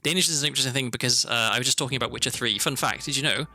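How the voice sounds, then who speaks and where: Rapid-fire and medium in pitch, this British streamer's pushed, bright voice rattles off casual gameplay commentary. He's chatty and rambling, abandoning sentences midway, with background music beneath.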